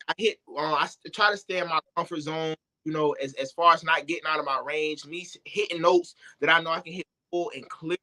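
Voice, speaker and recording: High-voiced young man, slangy and animated. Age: young adult. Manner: loose, animated, slangy storytelling. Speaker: singer, interview guest. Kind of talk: casual interview talk.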